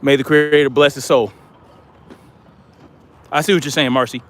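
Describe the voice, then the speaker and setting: A man's voice: medium pitch, fairly even intonation, moderate pace. A man hosting a livestream, reading viewer comments aloud and answering them in casual chat. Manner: reads viewer comments aloud and responds conversationally.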